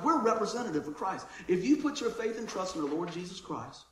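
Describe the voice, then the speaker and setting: A man's voice: high-pitched, very animated, fast, hardly any pauses, fairly bright tone, slight background noise. A man preaching a sermon in a church, casual and chatty, calling listeners man and bro. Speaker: pastor. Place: church sanctuary. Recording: roomy church echo.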